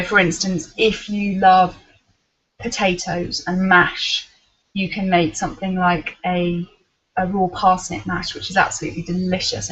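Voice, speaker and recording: A woman's voice: mid-range voice, a bit bright. Female workshop host, reads comments aloud, muffled lo-fi sound. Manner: reads out listener comments and replies. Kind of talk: online workshop talk. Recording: dull lo-fi recording.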